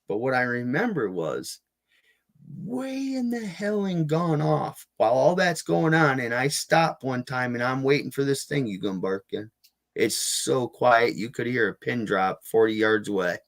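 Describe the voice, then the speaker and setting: A man's voice: mid-range voice, fairly bright tone. Adult man, interview guest, loose rambling storyteller with restarts and fillers, mid-range voice. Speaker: guest, Bigfoot field researcher. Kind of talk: casual storytelling in a podcast interview.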